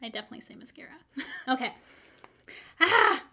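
A woman beauty vlogger reviewing used-up products in a chatty, upbeat way, her voice a little hoarse from filming all day. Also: on the high side, normal speed, a bit bright. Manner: chatty, upbeat, rambling asides. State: slightly hoarse, losing her voice.

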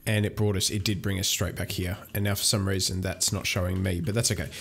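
Fast and flat, his low voice gravelly and slightly rough, a young gaming channel host chats casually during a let's-play. He rambles as he plays, filling the talk with fillers and restarts.

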